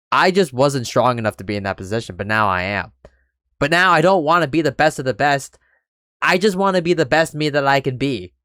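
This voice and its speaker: A man's voice: mid-range voice, a bit bright, clear, resonant tone, no room sound, studio quality. A young man vlogging candidly, rambling and reflective as he talks through his feelings. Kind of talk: candid personal talk.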